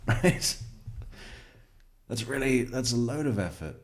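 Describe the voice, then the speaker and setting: A man's voice: medium pitch, animated, slow, pauses often. A man giving casual true crime commentary, sarcastic and mocking as he mimics what he watches.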